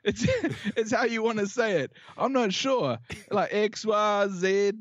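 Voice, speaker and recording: A man's voice: high-pitched, slow, dry recording, highs cut off. A man from New Zealand with a New Zealand accent, a podcast guest chatting playfully and riffing on jokes. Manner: playful, jokey, riffs and repeats himself. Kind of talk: casual podcast chat.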